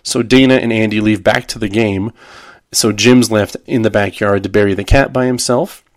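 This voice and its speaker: A man with a fairly low voice hosts a podcast, talking through a sitcom episode in an easygoing, rambling way. He trails off and restarts often, with plenty of ums. The sound is close and dry. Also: steady tone, normal speed, no room sound. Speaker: podcast host. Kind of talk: casual episode recap.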